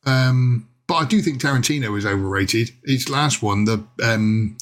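A man with an English accent hosting a casual podcast chat, chatty, laughing often and filling pauses with many ums. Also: medium pitch. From England. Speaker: podcast host.

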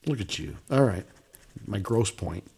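A man co-hosting a casual podcast, telling a gig story with animated, loud exclamations. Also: on the low side, a little slow, creaky. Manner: animated, rising to loud exclamations when retelling. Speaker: podcast co-host; guitarist.

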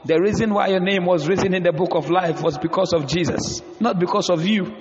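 A man's voice: sits high, fairly quick, a little hiss or hum. A man preaching a sermon in an emphatic, repetitive way, calling out questions to the congregation. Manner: emphatic and repetitive, calls and responses. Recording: echoey hall, dull sound.

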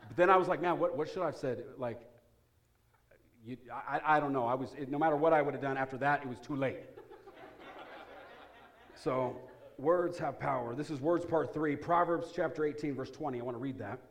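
Lively pastor preaching to his church. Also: mid-range voice, fairly quick, long pauses. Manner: energetic, humorous, swings from hushed prayer to loud excitement. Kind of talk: sermon. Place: church sanctuary.

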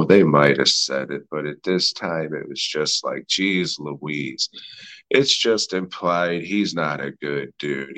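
Slow, low-voiced swearing podcast host. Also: male voice, a bit bright, poor audio. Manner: profane and rambling, heavy swearing; sarcastic, mocking. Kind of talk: casual movie review rant.

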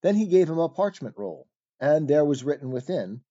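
Mellow male narrator, lo-fi recording. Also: a little high, sing-song. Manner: measured, formal, archaic phrasing. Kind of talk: scripted narration of an old allegory. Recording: dull lo-fi recording.

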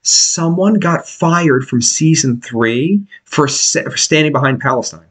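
A man's voice: on the high side, a little slow, slightly rough. A man co-hosting a casual, crude podcast, swearing often and jumping from topic to topic. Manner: animated, swears a lot, jumps between topics. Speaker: podcast co-host.

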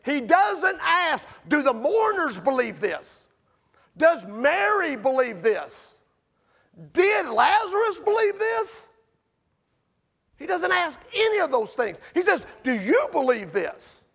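A man preaching a sermon, full of rhetorical questions to the congregation and sharp swings between loud and quiet. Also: very high-pitched, big pitch swings, slow, vocal fry. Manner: rises and drops sharply in loudness.

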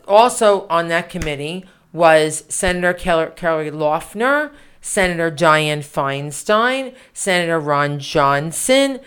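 A woman's voice: lowish voice, a bit bright, smooth. A woman co-hosting a political podcast, talking in an indignant, emphatic way with rhetorical questions. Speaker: podcast co-host.

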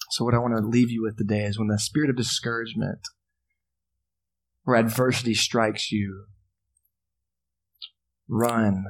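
A male pastor giving a sermon, earnest and impassioned, building to strong emphasis and easing to quiet prayer. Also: medium pitch. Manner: drops to soft, quiet prayer.

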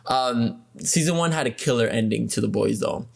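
A man's voice: mid-range voice, moderate pace, vocal fry, husky. A man co-hosting a podcast, chatting casually about shows and movies, with lots of fillers and slang. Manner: laid-back, lots of fillers, says bro and dude. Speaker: podcast co-host. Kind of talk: casual chat.

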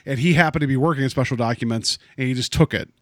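A man's voice: mid-range voice, very fast, fairly bright tone, no echo, studio quality. A man casually discussing a movie on a podcast, joking and rambling with lots of fillers. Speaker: podcast co-host.

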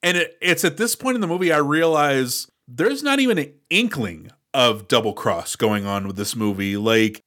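Brief: male podcast co-host, casual and analytical, middle pitch. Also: lively intonation, moderate pace, hardly any pauses, fairly bright tone. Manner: analytical, chatty. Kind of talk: casual chat.

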